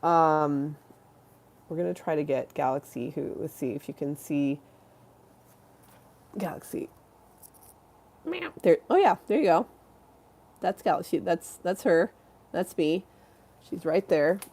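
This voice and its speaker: Low gravelly woman chatting on a livestream. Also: measured pace, pauses often, darkish tone. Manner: chatty, rambling, affectionate, many fillers and restarts. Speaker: livestream host. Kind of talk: casual livestream chat with viewers.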